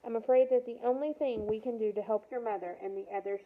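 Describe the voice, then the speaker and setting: A woman's voice: a little high, steady tone, quick pace, close to an everyday voice. A woman reading a stern resistance leader. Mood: firm. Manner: businesslike, firm. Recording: tinny phone-like sound.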